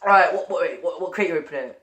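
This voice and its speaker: A man giving excitable gaming commentary while chatting with a friend, stammering and repeating himself. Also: a little high, very fast. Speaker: gamer opening loot crates.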